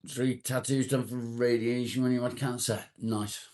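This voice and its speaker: A man's voice: mid-range voice, little pitch movement, normal speed, a little mellow. A man hosting a casual livestream, greeting viewers by name and bantering jokily as he reads their comments. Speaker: livestream host. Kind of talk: casual live chat, reading viewer comments.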